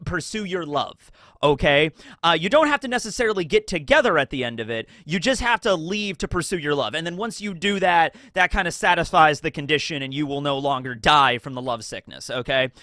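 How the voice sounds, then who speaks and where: A man's voice: fairly high pitch, no room sound, studio quality. A man hosting anime theory commentary in a casual, rambling way, full of fillers and acted-out bits of dialogue. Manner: rambling, filler-heavy, acts out characters in animated bursts.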